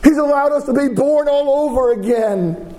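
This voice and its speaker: A man preaching a sermon who repeats key phrases for emphasis and drops to a quiet hush when he prays. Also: very high-pitched, normal speed.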